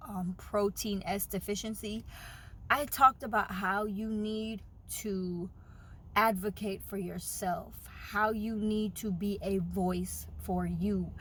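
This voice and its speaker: A woman's voice: mid-range voice, steady tone, slow, a bit bright, a little hiss or hum. A woman talking openly and earnestly in a personal vlog, retelling a doctor's visit with feeling. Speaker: vlogger sharing a fertility journey.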